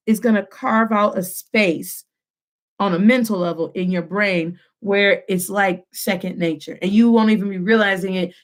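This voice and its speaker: A young adult woman teaching a live online Spanish lesson, lively and switching between English and Spanish as she drills repetition. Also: mid-range voice.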